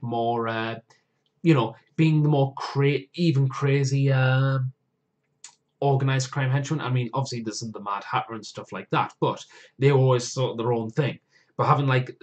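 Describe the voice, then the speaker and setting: A man hosting a live stream, talking casually in a rambling, digressive way, often losing his thread and correcting himself while eagerly listing wishes. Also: mid-range voice. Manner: enthusiastic, lively wish-list talk.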